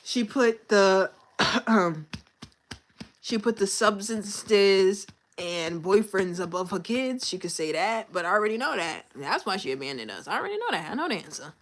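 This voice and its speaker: A woman's voice: medium pitch, expressive, normal speed. A young woman livestreaming, telling a personal story in a candid, slangy, venting way to her chat. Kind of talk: casual live-stream storytelling.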